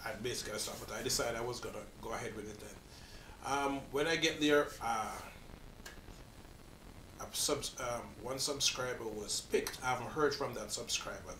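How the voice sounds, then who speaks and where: A man's voice: medium pitch, sharp tone, distant mic, slight background noise. Earnest Caribbean man in echoey room. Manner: rambling, restarts sentences, earnest. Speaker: reaction video host. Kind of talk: casual reaction commentary.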